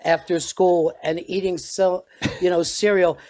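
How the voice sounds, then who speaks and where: A man's voice: high voice, level tone, measured pace, dark tone. An older man hosting a conversational interview, often laughing along and backing up his guest with short affirmations. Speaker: interview host.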